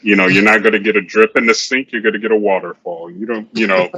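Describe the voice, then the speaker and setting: A man's voice: on the low side, steady tone, fast, pushed and bright, husky, rough recording. A man co-hosting a casual sports chat show, rambling and often repeating himself. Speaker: podcast co-host.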